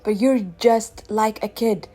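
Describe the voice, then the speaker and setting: A woman in her thirties, with a voice that sits a little high, hosts a radio show in a casual spiritual monologue. She talks with animated energy, jumping to loud bursts and then dropping to soft, near-quiet asides. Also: a little slow, soft background music. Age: 30s.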